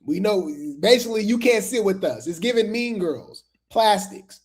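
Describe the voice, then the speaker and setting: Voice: mid-range voice, expressive, moderate pace. A host giving casual, gossipy commentary on reality TV drama, chatting straight to viewers and repeating phrases.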